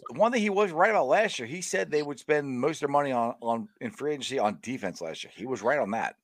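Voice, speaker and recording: A man's voice: mid-range voice, lively intonation, quick pace, dry recording, studio quality. A man co-hosting a casual sports podcast, easygoing with frequent restarts.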